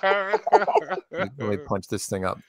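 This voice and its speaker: A man co-hosting a livestream, reading a list of viewer names and dropping deadpan joking asides. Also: sits high, measured pace, vocal fry. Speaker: livestream co-host. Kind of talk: casual livestream chat.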